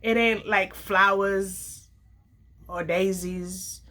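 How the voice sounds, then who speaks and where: A young adult woman casually telling a personal story, acting out the dialogue with lively slang. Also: mid-range voice, drawn-out words. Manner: animated, acts out quoted dialogue, casual slang.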